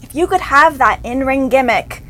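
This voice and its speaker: A young woman with a Canadian accent, hosting a casual interview, bubbly and quick to laugh. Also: high-pitched, lively intonation, pushed and bright, slight background noise. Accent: Canadian English. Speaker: interviewer host.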